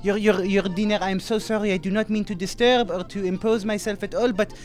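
A man's voice: sits high, steady tone, fast talker, faint music behind, close to an everyday voice. An actor playing a scheming French man posing as a waiter, overly polite and theatrical, in a comedy audio sketch. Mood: effusive.

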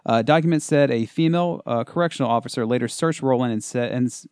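A man co-hosting a podcast, reading a news article aloud and tripping over a few words as he goes. His voice sits at a middle pitch and is recorded close and dry, with no room sound. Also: fast talker, darkish tone, smooth, dry recording. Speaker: podcast co-host. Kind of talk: casual podcast chat.

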